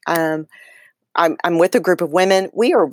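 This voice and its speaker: Lower-voiced woman telling a story in a dry room. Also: moderate pace, no echo. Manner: animated retelling with many fillers and restarts. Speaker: guest author. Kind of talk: casual interview storytelling.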